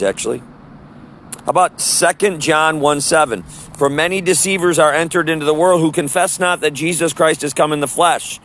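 A man's voice: mid-range voice, a little hiss or hum. A man preaching on the street, earnest and emphatic, quoting scripture.

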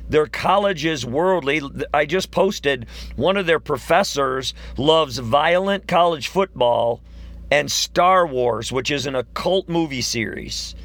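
A man with a fairly high voice delivers a heated religious commentary. He reads quotes aloud, then answers each one with blunt, accusing emphasis. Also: lively intonation, takes it slowly, a bit bright. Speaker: online preacher. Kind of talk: polemical commentary reading quotes.

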